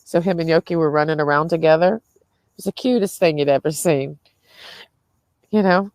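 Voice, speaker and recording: Young woman, low voice, dry close sound; tired, headachy, rambling vlog chat full of swearing and laughs. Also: moderate pace, darkish tone, dry recording. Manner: chatty, swears freely, laughs often mid-sentence. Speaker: vlogger.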